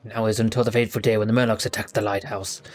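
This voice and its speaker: A man voicing a ghostly old male pirate sailor with a rough, gravelly growl, reading quest text aloud in a video game let's play. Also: fairly low pitch, little pitch movement, rapid-fire, lightly acted. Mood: gruff.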